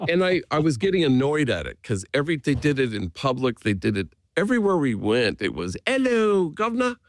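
A man, a priest being interviewed, speaking earnestly and gently as he tells stories. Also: mid-range voice, very animated, a little fast, no echo. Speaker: Jesuit priest, guest. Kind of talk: reflective conversational storytelling.

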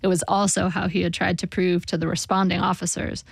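A woman's voice: lowish voice, flat delivery, brisk, creaky, slightly rough, no echo. A woman reading a first-person literary story aloud with a dry, wry storytelling manner. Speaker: narrator. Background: soft guitar music.

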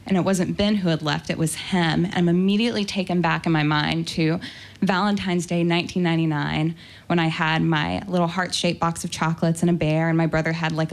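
A woman's voice: low-pitched, fairly even intonation, a little fast, gravelly. Wry young woman telling a personal story. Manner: candid and wry, with frequent ums and likes.

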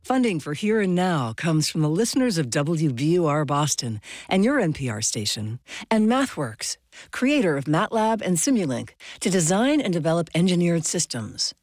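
A woman radio announcer reading funding credits in a crisp scripted style. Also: deep voice, darkish tone, dry recording, studio quality.

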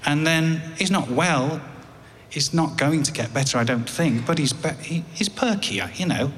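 An English man telling a personal story on stage, with a wry, halting delivery that repeats words. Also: a little high, fairly bright tone, long reverb tail, a little hiss or hum. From England.

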